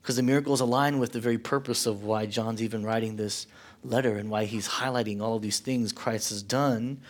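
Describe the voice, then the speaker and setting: A man preaching a sermon as pastor, rising in force on rhetorical questions and dropping low and soft when quoting. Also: fairly even intonation, a little fast. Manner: impassioned preaching, swelling louder on questions and dropping low for quotes.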